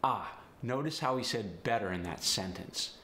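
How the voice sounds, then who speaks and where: A man's voice: lowish voice, expressive, normal speed, fairly bright tone, a little hiss or hum. A man coaching accents in an upbeat, teasing teaching manner. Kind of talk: instructional video. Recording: roomy echo.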